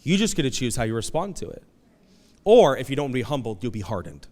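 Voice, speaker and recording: A man preaching a conversational, animated sermon as pastor, acting out quoted voices. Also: mid-range voice, fairly quick. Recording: long hall reverb.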